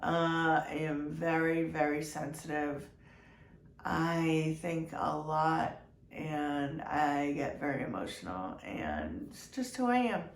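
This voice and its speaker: A woman giving a heartfelt personal update to her viewers, congested from a cold, talking slowly with many ums and restarts. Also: low-pitched, animated, gravelly. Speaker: vlogger. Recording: echoey room with faint noise.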